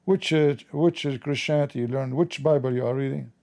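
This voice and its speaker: A man with a medium-pitched, darkish voice talks fairly quickly with few pauses while hosting a livestream. Replying to chat, he's confrontational and sarcastic, mocking viewers in non-native English.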